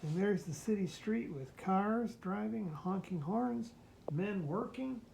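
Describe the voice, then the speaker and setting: A woman's voice: medium pitch, lively intonation, unhurried, creaky, dark tone, slight background noise. A woman reading a children's picture book aloud to a child, mimicking the sounds and asking the listener questions.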